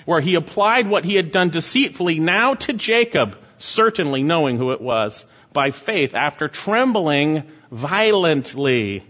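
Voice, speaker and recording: A man's voice: fairly high pitch, fairly bright tone, lo-fi sound. A male pastor preaching a sermon, reading scripture and building to emphatic exhortations.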